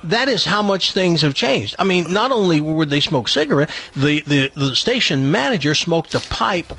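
Animated husky older male radio host. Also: normal speed, no echo. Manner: animated storyteller, drops into a deep put-on voice for quotes. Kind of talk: casual radio chat, storytelling.

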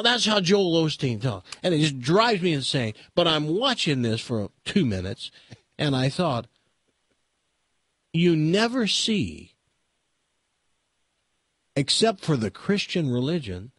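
An American man is hosting a talk radio show, musing aloud in an opinionated, rambling way full of restarts. His husky voice swings up and down a lot as he talks. It is recorded close and dry on a studio microphone. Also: a little high, big pitch swings, slow pace, pauses often, a bit bright, no room sound. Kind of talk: casual talk radio monologue.

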